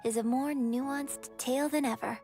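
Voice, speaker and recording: A woman voicing a tiny chirpy fairy companion in a game, with a bouncy, squeaky way of talking. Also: fairly even intonation, moderate pace, warm tone. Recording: game music behind.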